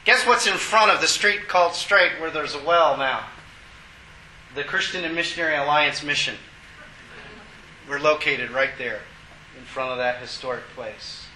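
A male preacher delivers a sermon, stopping the scripture reading to explain it with emphasis and exclamations. His voice sits high and rings very brightly. The sound echoes around a roomy church room. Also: normal speed, long pauses, a little hiss or hum. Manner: emphatic, exclaiming, chuckles at asides. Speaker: pastor.

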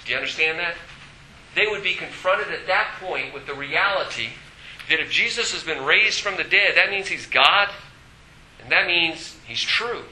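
A man preaching a sermon as pastor, animated, breaking into shouts and acted quotes. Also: a little high, normal speed, echoey room, a little hiss or hum, poor audio.

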